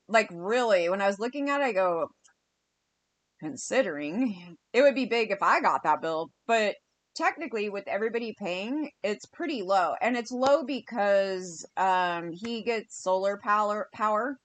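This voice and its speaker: A woman's voice: medium pitch, a bit bright. A woman, ranting heatedly in a vlog monologue and acting out what others said. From California. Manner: heated, fast ranting with quoted dialogue. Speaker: vlogger.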